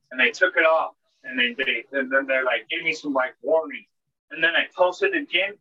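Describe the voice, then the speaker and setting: A man, co-hosting a podcast and telling a story in a casual, rambling way, full of filler words and swearing. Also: medium pitch. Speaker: podcast co-host. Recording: dull lo-fi podcast audio.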